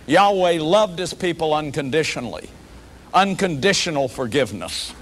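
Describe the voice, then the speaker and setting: Man, high-pitched voice, earnest counselor lecturing a workshop crowd, emphatic and repetitive. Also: lively intonation, normal speed, a bit bright. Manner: earnest, repeats words for emphasis, often says "see". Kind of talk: emphatic lecture on personal growth.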